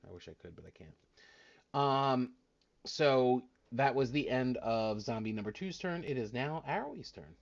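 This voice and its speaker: A man's voice: medium pitch, expressive, normal speed, gravelly, muffled recording. A man narrating as dungeon master on a live-streamed tabletop game, casual and rambling with fillers.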